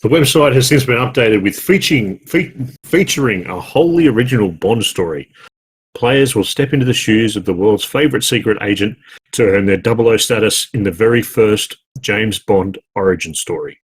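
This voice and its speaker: Aussie guy on a gaming podcast, low husky voice, rambly and jokey. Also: normal speed. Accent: Australian. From Australia. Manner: rambling, self-correcting, jokey. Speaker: podcast co-host. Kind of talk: casual chat.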